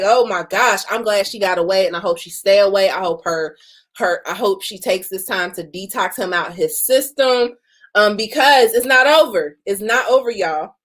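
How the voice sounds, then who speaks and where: A woman's voice: mid-range voice, lively intonation, normal speed. A woman hosting a casual reaction commentary, blunt and outspoken, swearing freely.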